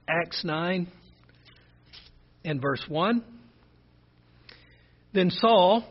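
A man with a rural Southern American accent preaches a sermon in a fairly high, husky voice. He talks earnestly and conversationally and reads scripture aloud. The recording sounds dull and lo-fi.

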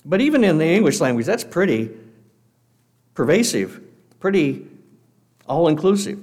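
A man giving a sermon to a congregation, earnest and measured, slowing down to read scripture aloud. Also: fairly high pitch, big pitch swings, a little mellow. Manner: guest speaker addressing a congregation. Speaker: preacher.

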